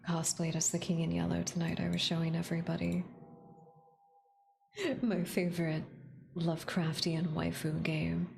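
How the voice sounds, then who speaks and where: A young woman streamer chatting casually with her viewers, often dropping into a soft breathy whisper close to the mic. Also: fairly low pitch, slight background noise. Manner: chatty, bubbly, thanks chat, excitable gasps.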